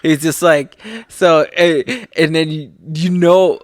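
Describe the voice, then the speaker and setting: A man's voice: a little high, steady tone, slow, dry recording, studio quality. A man co-hosting a podcast in casual chat, laid-back and swearing freely as he laughs through stories. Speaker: podcast co-host.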